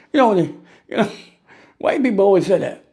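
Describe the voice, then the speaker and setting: A man's voice: high-pitched, gravelly, mellow. A man ranting casually to camera, firing off rhetorical questions and laughing at his own jokes. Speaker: vlogger. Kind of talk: casual political rant.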